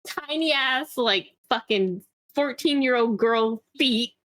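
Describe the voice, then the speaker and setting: A woman's voice: on the high side, slow pace, fairly bright tone, no room sound. A woman streamer chatting casually with a co-host, laughing a lot and swearing freely. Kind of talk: casual chat.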